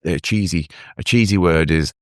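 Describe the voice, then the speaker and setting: An earnest man telling his own story as a guest in an interview, halting and restarting as he speaks. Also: low-pitched, dry recording, clean studio sound. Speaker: guest, mental health advocate. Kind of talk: emotional personal story in an interview.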